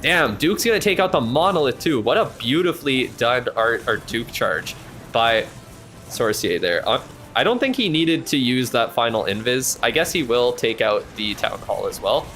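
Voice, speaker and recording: A man streams a match and commentates casually in live play-by-play, chatting and reacting excitably with an occasional swear word. He speaks at medium pitch and normal speed, with faint music playing behind him.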